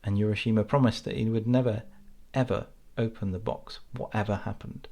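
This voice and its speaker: A man reading a fairytale aloud in a calm, measured way. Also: fairly low pitch. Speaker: storyteller.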